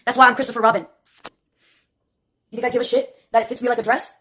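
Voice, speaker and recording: A woman's voice: on the high side, flat delivery, quick pace, sharp tone. A woman in her late twenties telling a rambling, profane personal story with sardonic asides and laughs mid-sentence. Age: late 20s.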